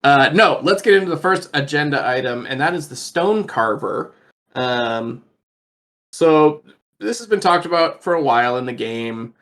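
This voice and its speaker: A man's voice: a little high, expressive, moderate pace, a bit bright. A man co-hosting a casual podcast, running through the agenda with frequent fillers and restarts. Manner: hesitant, many fillers and restarts. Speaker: podcast co-host presenting the agenda.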